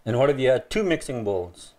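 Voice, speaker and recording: A man's voice: medium pitch, sing-song, fairly quick, warm tone. A man hosting a show, chatting loosely and repeating words back as he learns them. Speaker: host. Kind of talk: casual chat on a language segment.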